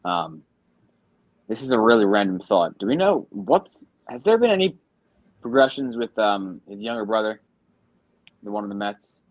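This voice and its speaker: A man's voice: on the low side, big pitch swings, normal speed, pauses often, no room sound, lo-fi sound. A man co-hosting a sports podcast in casual chat, talking loosely with frequent ums and trailing thoughts. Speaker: podcast co-host.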